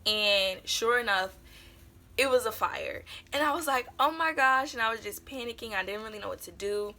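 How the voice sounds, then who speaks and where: A woman's voice: mid-range voice, moderate pace, bright, forceful tone. A young adult woman vlogger telling a personal story in a casual, chatty way, full of fillers. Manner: chatty, meandering with lots of fillers.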